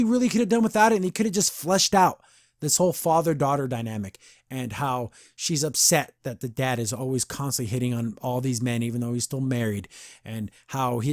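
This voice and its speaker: Reviewing an episode on his podcast, a man with a mid-range voice chats and rambles in a casual way. He laughs often and keeps saying "I don't know." The studio-quality recording has no room sound.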